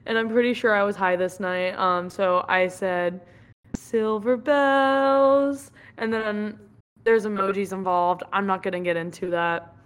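A woman's voice: fairly low pitch, steady tone, normal speed, fairly bright tone, clean tone. A young woman co-hosting a podcast, telling rambling stories in casual chat and giggling often. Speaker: podcast co-host.

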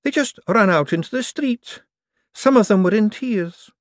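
A man voicing a flustered male bank clerk who reports in a hurried, anxious way. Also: high voice, animated, no room sound, clean studio sound, pitched above the performer's own voice.

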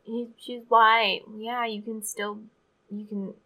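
A woman's voice: on the high side, little pitch movement, slow pace, sharp tone. A woman co-hosting a podcast, chatting casually and making joking asides. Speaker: podcast co-host.

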